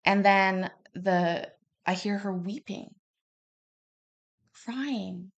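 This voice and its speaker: A woman in her thirties telling a personal story in a casual, rambling way, restarting often and acting out quoted lines loudly. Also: medium pitch, unhurried, pauses often. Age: 30s. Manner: chatty and rambling, with many restarts; acts out quoted lines with sudden bursts of loudness. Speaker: podcast host.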